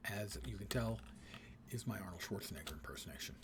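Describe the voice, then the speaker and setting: A man's voice: on the low side, lively intonation, a little fast, noisy background. Wry man streaming a video game. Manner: wry, joking asides. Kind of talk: casual live-stream commentary.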